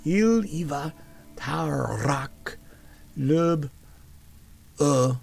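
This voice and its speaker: Eager young sister, careful and earnest, as a male storyteller puts her on, raised and gravelly. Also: fairly high pitch, expressive, extremely slow, darkish tone, soft background music, voice pushed up, full character voice. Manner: careful sounding-out of words.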